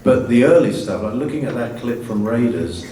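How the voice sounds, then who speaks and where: A man's voice: mid-range voice, expressive, normal speed, mellow, a little hiss or hum. An English man in his sixties with a slightly Americanized accent, a guest actor telling stories with self-mocking humor in a stage Q&A. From England. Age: 60s. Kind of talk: stage Q&A conversation. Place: festival stage Q&A. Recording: roomy, distant mic, faint ambience.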